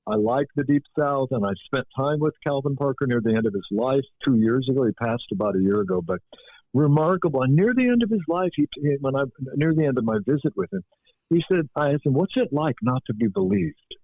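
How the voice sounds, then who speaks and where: A man, an author as interview guest, telling stories in a reflective, animated way. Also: mid-range voice, fairly quick, no room sound. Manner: reflective, animated storytelling with frequent restarts. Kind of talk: interview conversation. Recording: dry phone-like line.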